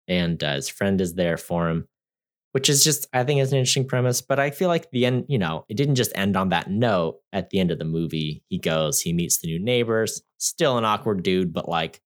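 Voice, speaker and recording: A man's voice: low voice, animated, normal speed. A man giving a casual, rambling movie review, chatty and joking, with lots of fillers.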